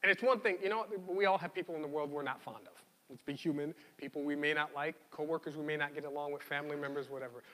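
A man preaching a sermon in an animated, conversational way, often repeating words as he goes. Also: a little high, fast talker, few pauses, in a large hall. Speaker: pastor.

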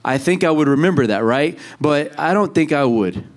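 A man's voice: on the high side, lively intonation, normal speed. A man preaching a sermon to a congregation in a conversational way, acting out the voices of the people in the story. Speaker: pastor.

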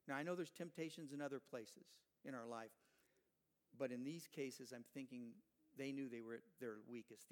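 A middle-aged male preacher telling a story in an animated, conversational sermon with asides to his listeners. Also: medium pitch.

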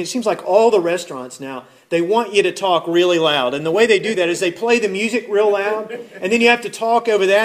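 A man preaching a sermon as pastor, talking in a conversational way and often repeating words as he goes. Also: sits high. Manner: acts out listeners' voices in his retelling.

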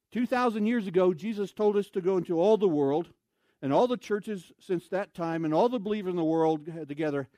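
A pastor preaches a sermon from the pulpit of a church sanctuary, his voice a little high for a man. He shifts from conversational, animated storytelling, acting out voices, to loud shouted bursts for emphasis. The recording is dry and close with little room echo.

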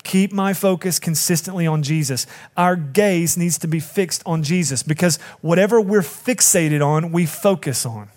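A man's voice: fairly high pitch, normal speed, hardly any pauses, darkish tone. A middle-aged man preaching a sermon, earnest and building to emphatic appeals to the congregation. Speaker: pastor.

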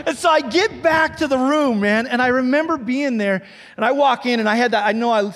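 A male pastor preaching a sermon, telling lively stories, acting out quoted voices and dropping to a hushed near-whisper. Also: very high-pitched, big-room sound.

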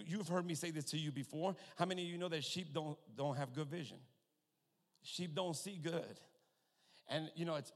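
A man preaching a sermon, peppering his points with hallelujahs and amens, slowing down to stretch key words and swelling to loud emphasis as he asks the congregation if they hear him. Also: on the high side. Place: church sanctuary with long reverb. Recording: long reverb of a church hall.

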